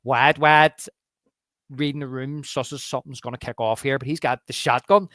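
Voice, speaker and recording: A man's voice: mid-range voice, fairly even intonation, moderate pace, a bit bright, no room sound. A man co-hosting a podcast, chatting casually and eagerly about a film scene by scene and quoting its lines. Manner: enthusiastic, quotes lines from the film. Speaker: podcast co-host. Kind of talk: casual movie review chat.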